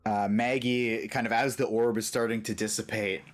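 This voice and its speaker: A man narrating as game master for a tabletop game, relaxed and halting with fillers. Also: lowish voice.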